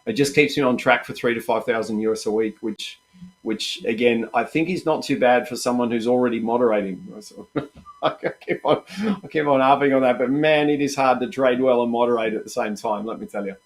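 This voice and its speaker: A man coaching traders in a live session, talking in an upbeat, chatty way. He keeps calling out to his viewers as "guys" while he gives them running market commentary. His voice sits at an ordinary, middle pitch. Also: brisk. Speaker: trading coach and host.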